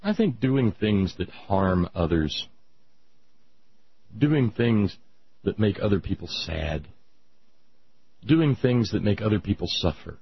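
A man's voice: on the low side, gravelly, slightly rough, dull audio. A man hosting a talk show, delivering a sarcastic, opinionated monologue. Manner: sarcastic, ranting, mocking voices.

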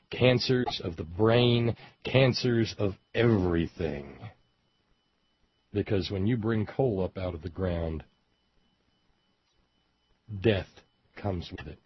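A man's voice: on the low side, husky, no echo. A man from West Virginia giving a rambling, sardonic commentary monologue with frequent hesitations. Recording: dull lo-fi audio, dry.

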